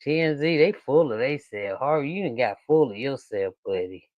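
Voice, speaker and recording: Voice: mid-range voice, animated, no echo, highs cut off. A host of a reaction channel, joking in a loose, casual way and talking straight to the viewers. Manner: slow, drawling and joking, talks straight to viewers.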